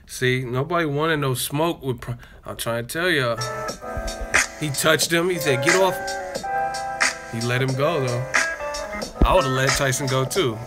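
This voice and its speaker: A man's voice: mid-range voice, moderate pace, music in the background. A man hosting a live stream, reacting to clips with profanity and laughter. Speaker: boxing channel host. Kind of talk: casual live-stream commentary.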